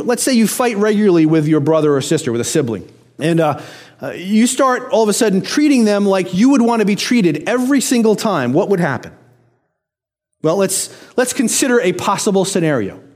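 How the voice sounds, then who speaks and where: Pastor, male, preaching in a relaxed talking tone, slightly high voice, keeps asking the congregation questions. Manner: conversational, asks many questions to the listener. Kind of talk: sermon.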